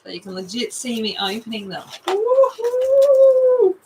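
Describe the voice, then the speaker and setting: An Australian woman hosting an art livestream, chatting casually with her viewers, rambling and breaking into excited outbursts. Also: mid-range voice, fast talker, a little hiss or hum, poor audio.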